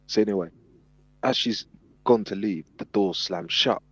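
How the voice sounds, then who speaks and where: A man telling a story in casual chat, animated and acting out the people in it, on a dull lo-fi recording. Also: on the low side, normal speed, slightly rough, dry recording. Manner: animated storyteller, acts out quotes. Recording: dull lo-fi sound.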